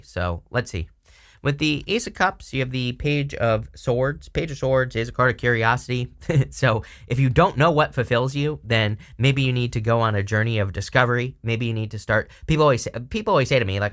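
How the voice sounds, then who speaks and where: A man's voice: mid-range voice, a little fast, fairly bright tone. A man giving a casual, rambling tarot reading, chatty with lots of fillers and frequent laughs. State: hiccups. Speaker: tarot reader.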